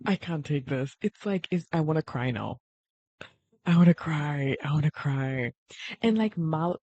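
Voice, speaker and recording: A young woman streaming while she draws, chatting casually and rambling excitedly and emotionally. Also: low voice, no room sound, highs cut off. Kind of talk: casual livestream chat while drawing.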